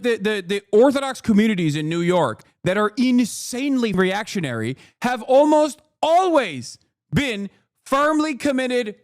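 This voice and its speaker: High-voiced guy streamer ranting and swearing, sarcastic, dry close sound. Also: dry recording. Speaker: streamer host. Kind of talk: casual reaction commentary.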